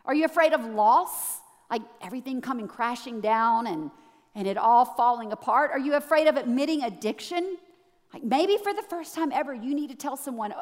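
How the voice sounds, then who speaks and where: A woman preaching a sermon to a church, animated, swinging between hushed, low passages and loud, excited ones. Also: brisk, long reverb tail.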